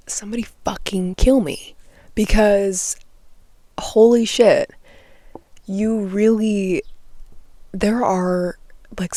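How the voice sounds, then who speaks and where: A young woman is recording a morning vlog in her nook at home, talking straight into the camera. She rambles, gets heated and swears a lot. Her voice sits at a middling pitch, and the sound is dry and close with no room echo. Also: mellow. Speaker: vlogger and artist. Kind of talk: unscripted morning vlog rant.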